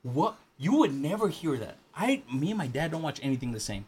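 A man co-hosting a casual podcast chat, teasing his friend and shooting up to a high excited pitch when he argues. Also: brisk, breathy edge. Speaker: podcast co-host.

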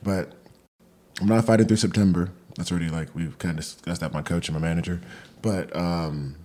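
A man's voice: sits low, steady tone, brisk, warm tone. A man who fights professionally, chatting casually and eagerly in an interview, with many fillers.

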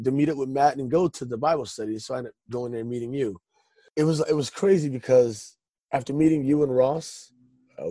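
A man's voice: mid-range voice, mellow, dry recording. A man telling his life story in a loose, rambling way, with lots of restarts and fillers. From Northern California. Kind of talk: casual storytelling.

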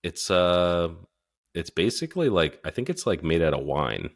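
Low-voiced male co-host, casual and profane. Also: big pitch swings, normal speed. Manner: crude, laid-back banter, heavy swearing. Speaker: podcast co-host. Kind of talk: casual chat.

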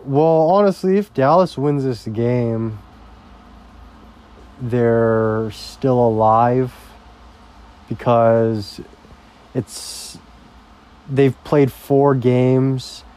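In this vlog, a young man with a steady, somewhat mellow mid-range voice rambles from subject to subject. He speaks slowly and casually, with plenty of profanity.

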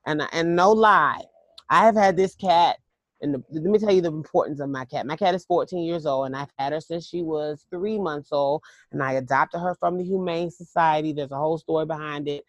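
A woman's voice: deep voice, brisk, no echo. A woman casually telling a long personal story to listeners in a chatty, emphatic way with frequent restarts.

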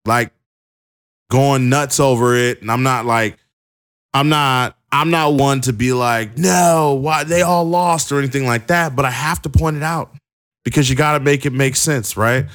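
A man's voice: medium pitch, steady tone, normal speed, fairly bright tone. A young man recapping a wrestling show in a casual, chatty way with plenty of fillers. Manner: chatty, many fillers and restarts.

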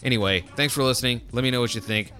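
A man's voice: medium pitch, racing, pushed and bright. A man hosting a solo podcast, rambling in a jokey, self-mocking way into a close mic. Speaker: podcast host.

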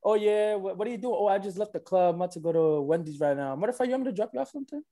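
A man tells a casual story at a rapid clip. His voice sits high for a man. He acts out both sides of every exchange in loose street slang. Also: dark tone. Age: 20s. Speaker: guest telling a dating story.

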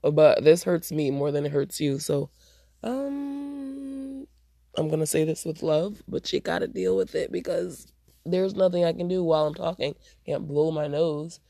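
A woman's voice: sits low, animated, unhurried, creaky, warm tone, no echo, clean studio sound. A woman hosting her own podcast, talking bluntly and profanely in a casual solo rant, with a stuffy nose. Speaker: podcast host.

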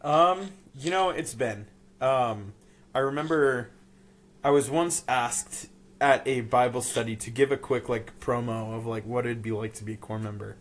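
A man's voice: mid-range voice, moderate pace. Young male guest, sarcastic, loose rambling chat. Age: young adult. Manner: rambling, sarcastic, many fillers. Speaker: podcast guest, youth group leader. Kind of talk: casual chat.

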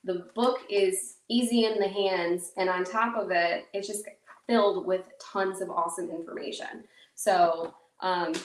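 A woman's voice: medium pitch, fairly even intonation, unhurried, distant mic. A woman hosting her own podcast in a casual, rambling, self-mocking way, with lots of fillers. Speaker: podcast host. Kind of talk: casual solo podcast talk. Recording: echoey room, voice a bit off-mic.

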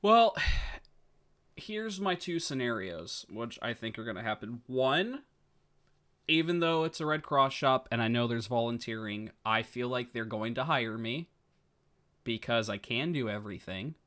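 A man co-hosting a podcast in casual, excitable chat. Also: mid-range voice, unhurried. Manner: chatty, excitable, restarts often. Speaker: podcast co-host.

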